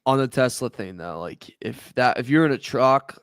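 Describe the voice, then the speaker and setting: Brief: male podcast co-host, easygoing joker, lively intonation, dry mic. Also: mid-range voice, moderate pace, clean tone, no room sound. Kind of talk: casual podcast chat.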